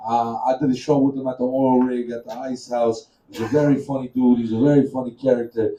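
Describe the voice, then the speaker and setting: A man's voice: mid-range voice, level tone, brisk, dark tone, dull audio. A man emcees a comedy show in a club, joking and working to hype the crowd between acts. His voice sits in a mid register and rings out in an echoey room with faint ambience behind it.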